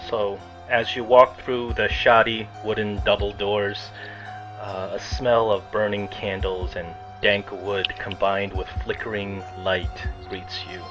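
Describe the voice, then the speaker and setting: A man as game master, narrating a tabletop game in a descriptive way with frequent pauses. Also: on the low side, little pitch movement, a bit bright. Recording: lo-fi recording with faint music.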